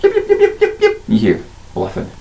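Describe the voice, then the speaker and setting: A man voicing a tiny male kobold that yips rapidly and boasts about its numbers. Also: huge pitch swings, mellow, exaggerated voice. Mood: boastful. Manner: rapid high yipping barks. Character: tiny yipping male kobold, cocky but scared.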